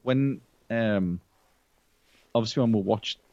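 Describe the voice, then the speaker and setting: A man's voice: lowish voice, slow pace, mellow, no room sound, lo-fi sound. A man co-hosting a podcast in casual chat, laid-back with short replies. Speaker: podcast co-host.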